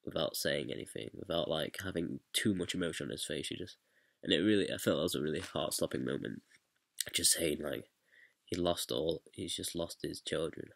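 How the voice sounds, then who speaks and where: Brief: very low, heavily gravelly male voice, husky edge, hesitant and rambling, dry close sound. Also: a little fast, fairly bright tone, no echo. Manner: rambling and hesitant, heavy with fillers. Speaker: student director. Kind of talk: casual explanation of directing a stage scene.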